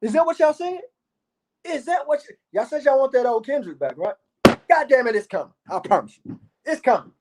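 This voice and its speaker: This YouTube commentator has an extremely high, slightly mellow voice that swings widely in pitch as he talks a little fast. He delivers a boastful, profane monologue to his viewers, repeating himself and swearing constantly.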